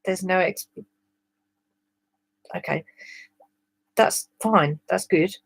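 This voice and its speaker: A woman's voice: fairly low pitch, drawn-out words, vocal fry, no echo. A British woman reading a fan story aloud on a livestream with amused, chatty asides.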